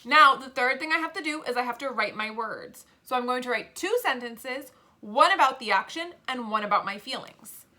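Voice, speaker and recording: A woman teaching a video lesson to young children as a pre-k teacher, sounding out words letter by letter in a playful, expressive way. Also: sits high, moderate pace.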